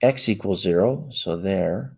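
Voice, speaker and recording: A man with a deep, husky, somewhat dark voice teaches a math lesson at a measured pace. He works through problems aloud step by step, typing into a calculator and correcting himself as he goes.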